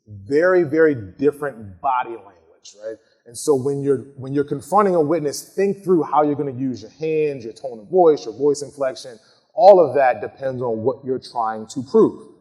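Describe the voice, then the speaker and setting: A man's voice: mid-range voice, dark tone. A man, a criminal defense lawyer, teaching a recorded masterclass in a conversational way, often asking "right?" and restarting sentences. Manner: conversational, tags points with "right?", frequent restarts; reads example lines slowly and dramatically. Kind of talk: recorded legal masterclass lecture.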